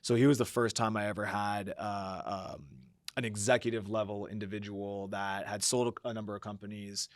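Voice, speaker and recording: A man's voice: fairly low pitch, level tone, normal speed, no room sound. A man talking as a podcast guest, reflecting at length with many fillers and acting out his own quoted thoughts. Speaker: podcast guest, company founder. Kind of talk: reflective conversational interview.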